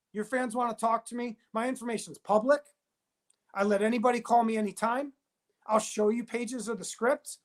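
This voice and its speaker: A man speaking in a heated interview as a whistleblowing TV producer, emphatic and insistent, talking in rapid bursts and repeating himself. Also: extremely high pitch. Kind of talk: heated interview, phone-style conversation.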